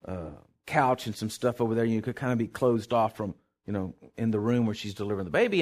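An older man, telling a personal faith testimony in a rambling way, full of fillers, moving from hushed tones to shouted declarations. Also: lowish voice, animated, fast talker, hardly any pauses. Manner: emotional, swings from hushed to shouting. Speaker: testimony speaker.

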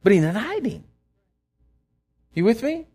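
A man's voice: very high voice, sing-song, unhurried, dark tone, slightly rough. A man, a pastor preaching a sermon in a conversational way, retelling scripture and often restarting his sentences. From Texas.

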